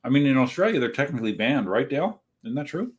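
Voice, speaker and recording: Husky-voiced man chatting on a livestream. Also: medium pitch, big pitch swings, fast. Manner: rambling, chatty, reads chat aloud and answers. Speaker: livestream host. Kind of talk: casual livestream chat reading viewer comments. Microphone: desk setup while live streaming.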